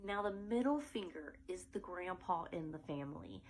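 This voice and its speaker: Woman, middle-aged, preschool teacher, playful sing-song demo, lower pitch, faint background hum. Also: expressive, moderate pace, poor audio. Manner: playful, changes her voice for silly sung characters. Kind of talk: teaching demonstration with singing.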